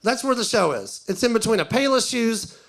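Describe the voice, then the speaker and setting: A stand-up comedian, a man, telling a story to a live audience. His voice sits high, and he talks in a chatty, animated way, acting out each line of dialogue. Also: a little fast, gravelly, a crowd in the background.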